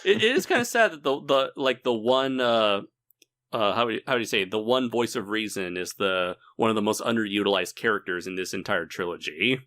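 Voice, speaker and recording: A man with a lowish voice and a bright, edgy tone leads a casual group review. He talks haltingly, piling on fillers and restarts as he searches for words. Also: lively intonation. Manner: hesitant, filler-heavy.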